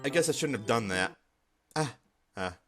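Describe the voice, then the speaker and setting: A man's voice: medium pitch, expressive, moderate pace, bright, forceful tone. A man reading the lines of a shy, bookish teenage girl who stammers and grows flustered, with faint game music behind.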